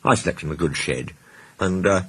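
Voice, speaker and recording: A man's voice: low voice, normal speed, pushed and bright, husky, exaggerated voice. A man voicing a boastful, impatient male tank engine who turns flustered and stammering when scared. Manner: brusque and bossy, then flustered and stammering.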